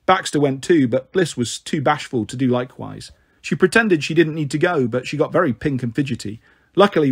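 Male storyteller, husky tone, pitched a touch high, voices the characters. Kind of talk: reading a children's novel aloud.

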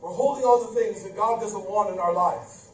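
A male pastor preaching a lively sermon, playful and animated, acting out quotes, in a church sanctuary. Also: high-pitched, fairly quick, recorded from a distance. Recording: roomy church from afar.

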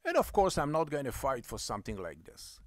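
Animated man telling a business story. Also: mid-range voice, a little fast, dry recording, clean studio sound. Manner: animated, acts out both sides of the dialogue. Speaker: rug cleaning business owner. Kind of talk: storytelling monologue.

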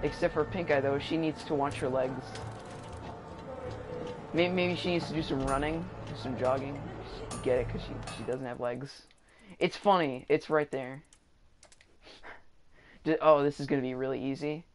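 A man's voice: on the high side, fairly even intonation, moderate pace, pauses often, over music. A young man rambling and joking as he comments on his gameplay. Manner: rambling, joking, self-mocking. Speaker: game streamer. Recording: game audio noise behind.

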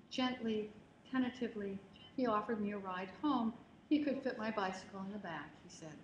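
A woman author giving a public reading of her memoir, in a measured, expressive voice that lingers on phrases. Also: mid-range voice, dull audio. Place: lecture hall at a reading event. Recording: roomy hall, faint noise, livestream.

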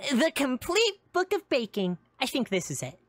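A woman's voice: sits high, sing-song, normal speed, a bit bright, no echo, exaggerated voice. A woman voicing a quirky young woman who runs a seafood restaurant, giggly and playful in a live roleplay. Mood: cheerful. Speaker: restaurant owner character.

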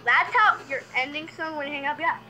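A woman's voice in a played fan video, silly and sing-song with shouting bursts. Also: sits high, quick pace, loud music behind the voice.

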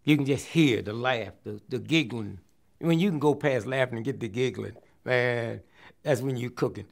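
An older man, a comedian, telling a story from his career in an interview, acting out the people in it and dropping to hushed near-whispers. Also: mid-range voice, normal speed, vocal fry. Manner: animated storyteller, acts out quotes, drops to hushed near-whispers.

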